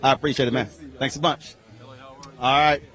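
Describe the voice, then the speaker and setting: A man's voice: medium pitch, level tone, moderate pace, a bit bright. A man reporting from an outdoor event crowd, chatting with guests in an upbeat, familiar, teasing way. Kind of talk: roving interviews at an outdoor event.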